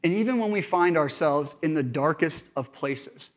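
A male pastor preaching in a slightly high-pitched voice. He speaks conversationally and earnestly, weaving stories from home life into his sermon. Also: animated, moderate pace. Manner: conversational storytelling from family life.

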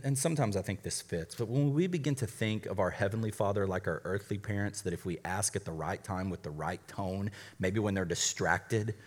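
A man who is a college pastor, preaching a conversational sermon with quick asides and light humor. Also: lowish voice, darkish tone, in a large hall.

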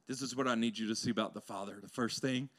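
A male pastor preaching to his congregation in a church. His delivery swings between loud, rising exclamations and quiet, intense passages. He drops in playful, conversational asides to the crowd. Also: medium pitch, steady tone, fast talker. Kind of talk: sermon. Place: church sanctuary before a congregation.

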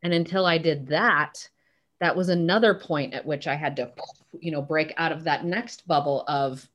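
A woman's voice: sits low, moderate pace. A middle-aged woman, a business coach, speaking with emphatic energy as a podcast interview guest. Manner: energetic, emphatic, acts out quotes.

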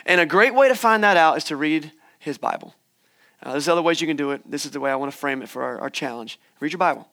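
A man's voice: fairly high pitch, animated, fast talker, bright, forceful tone. A young man preaching a sermon in church, conversational and encouraging, with playful asides. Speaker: pastor. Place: church hall.

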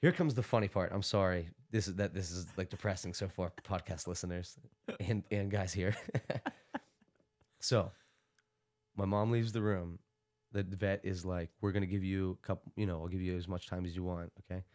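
Deep-voiced young man telling stories. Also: moderate pace. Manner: animated storytelling, laughs often. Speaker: podcast guest. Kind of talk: casual chat.

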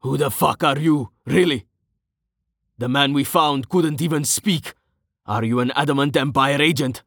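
A man's voice: lowish voice, fairly even intonation, slow pace, darkish tone, slightly rough, no echo, clean studio sound. A man voicing a wary, hot-tempered male archer who hisses and accuses in a raised voice. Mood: accusing.

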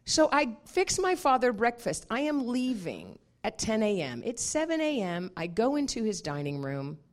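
A woman minister preaches a sermon in a lively, storytelling manner. Her pitch swings widely as she acts out the scenes, and she laughs often between lines. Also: moderate pace.

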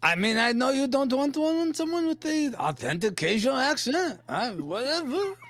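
Man, podcast guest, joking, very high voice, dry close mic. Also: sing-song, moderate pace, a bit bright, no room sound. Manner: joking, playful. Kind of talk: casual chat.

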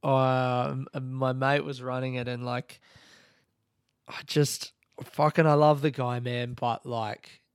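A young man speaks slowly in a smooth, medium-pitched voice with little pitch movement, recorded cleanly in studio quality with no room sound. A stand-up comedian hosting his own podcast, he tells a rambling, sweary story in a casual solo monologue, laughing often.

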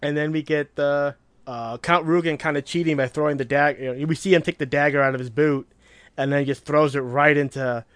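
A man co-hosting a casual chat, talking animatedly and sometimes acting out quotes loudly. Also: a little high, a little fast, no room sound. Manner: animated, acts out quotes in a loud voice. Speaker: podcast co-host. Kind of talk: casual film discussion.

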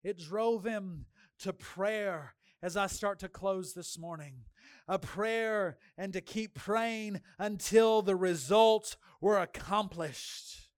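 A man preaching a sermon as pastor, swinging between fervent shouted declarations and quiet storytelling. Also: sits high, slow, no echo, clean studio sound.

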